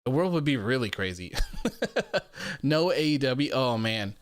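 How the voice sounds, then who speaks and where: A man's voice: medium pitch, very animated, slow, no echo, studio quality. A young man hosting a live wrestling post-show, chatting casually, reading viewer comments aloud and laughing often.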